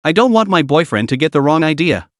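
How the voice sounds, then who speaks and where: A man's voice: a little high, sing-song, fast talker, dry recording, studio quality. A man voicing a poised, cold young woman executive, polite but firm, in a story recap.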